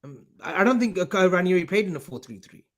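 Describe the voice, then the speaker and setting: A man co-hosting a casual live-stream chat, animated and bantering. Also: high-pitched, fast talker. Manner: animated, banters and argues over pronunciation. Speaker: co-host.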